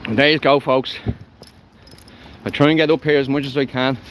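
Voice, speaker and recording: A man's voice: medium pitch, steady tone, moderate pace, fairly bright tone, a little hiss or hum, rough recording. An Irish man livestreaming while walking his dog by a canal, talking bluntly and heatedly with lots of swearing. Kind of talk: live walking vlog.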